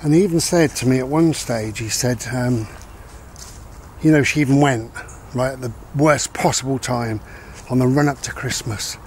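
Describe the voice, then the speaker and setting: A man's voice: mid-range voice, normal speed, a little hiss or hum. Reflective man rambling outdoors. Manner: reflective, repeats his key points. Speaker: vlogger giving life advice. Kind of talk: casual rambling monologue. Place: outdoors walking a dog.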